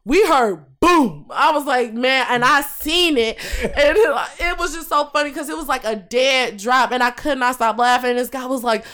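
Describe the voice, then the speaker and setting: A woman's voice: sits high, normal speed, hardly any pauses. A young woman chatting casually on a podcast, telling stories with lots of laughter. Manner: laughs a lot, animated storytelling. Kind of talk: casual chat.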